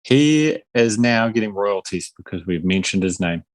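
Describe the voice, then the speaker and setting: Low-voiced sarcastic man in his forties. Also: animated, normal speed, dry recording. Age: 40s. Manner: dry, sarcastic, self-mocking jokes. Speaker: podcast co-host. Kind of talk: casual film review chat.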